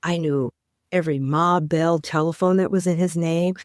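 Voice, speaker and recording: Woman, middle-aged, podcast guest, lowish voice, emphatic personal storytelling, dry close sound. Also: steady tone, normal speed, dry recording. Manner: earnest, emphatic recounting with vivid detail.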